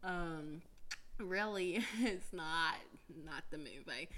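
A woman's voice: on the low side, slow, fairly bright tone. A young woman hosting a podcast in a chatty, giggly, casual way, full of filler words. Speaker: podcast host. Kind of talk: casual chat.

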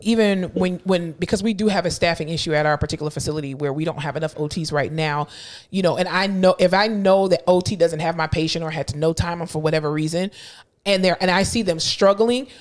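Fast-talking woman co-host. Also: fairly low pitch. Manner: animated storytelling, acts out quotes. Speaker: podcast co-host, physical therapist. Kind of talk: casual chat.

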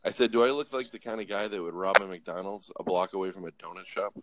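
A middle-aged man from Los Angeles casually telling a story, animated, acting out voices and restarting often. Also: deep voice, fast talker, very noisy. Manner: animated, acts out voices, swears, frequent restarts. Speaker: guest storyteller.

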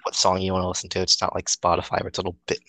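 A man's voice: low voice, completely flat delivery, very fast, sharp tone. A young man co-hosting a podcast, chatting casually with blunt, teasing, crude humor. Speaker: podcast co-host. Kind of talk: casual chat.

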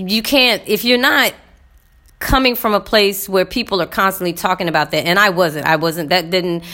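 Woman, vlogger, slightly low pitch, casual rambling chat, many fillers, addresses viewers. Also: sharp tone. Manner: rambling, talks straight to viewers, frequent fillers. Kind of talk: casual chatty recounting.

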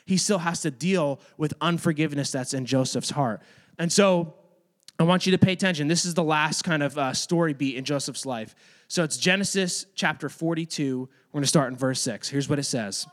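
Addressing a roomful of kids directly, a children's or youth ministry teacher delivers a chatty, casual Bible lesson. His voice is a little high, and his speed is normal.

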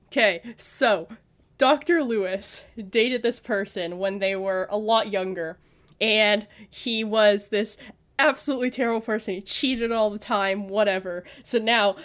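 A young woman co-hosting a podcast, chatty and animated, laughing often between her lines. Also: on the high side. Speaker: podcast co-host. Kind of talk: casual chat.

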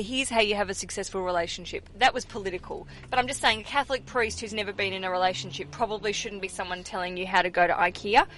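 A woman's voice: mid-range voice, fairly even intonation, fast, hardly any pauses, fairly bright tone, a little hiss or hum. A young Australian woman hosting a podcast, chatting casually and laughing easily, recorded in a car. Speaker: podcast host. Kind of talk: casual chat.

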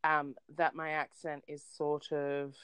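A woman with an Australian accent, co-hosting a casual podcast chat and telling lively stories with frequent laughs. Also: low-pitched, takes it slowly, clean tone, no echo. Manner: animated storyteller, laughs often. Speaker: podcast co-host.

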